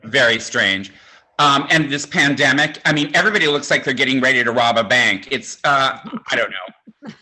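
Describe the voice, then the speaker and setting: Bright-voiced older man doing stand-up. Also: medium pitch, normal speed. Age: 60s. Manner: campy, conversational, self-mocking delivery. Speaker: stand-up comedian. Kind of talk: stand-up comedy set. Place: home, virtual show.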